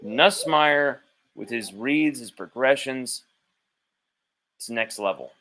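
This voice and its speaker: A man's voice: mid-range voice, slow, pushed and bright. A man hosting a sports livestream from home, talking casually in a rambling, blunt way with easy swearing. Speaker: sports podcast host. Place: at home with his child nearby.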